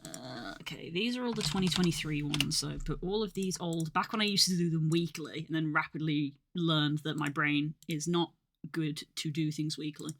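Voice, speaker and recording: Live streamer, bright tone, rambling, lots of ums and likes, slightly out of breath, self-deprecating. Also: medium pitch, steady tone, normal speed, a little hiss or hum. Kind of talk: casual live-stream chat.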